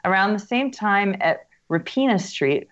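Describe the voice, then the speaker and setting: A woman's voice: mid-range voice, animated, unhurried, dull audio. A woman co-hosting a casual podcast, reading a news article aloud, stumbling over foreign names and adding dry sarcastic asides.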